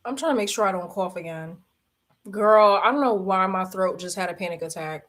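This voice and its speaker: A woman's voice: medium pitch, fairly quick, a bit bright. A young woman hosting a livestream, chatting candidly with viewers in slangy talk and laughing often. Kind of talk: casual chat.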